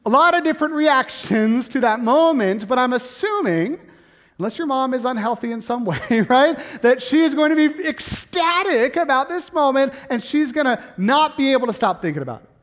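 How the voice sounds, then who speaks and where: Man, pastor, sermon, middle-aged, high voice, animated, calls for responses, long reverb. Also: normal speed. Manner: animated, asks the congregation to respond.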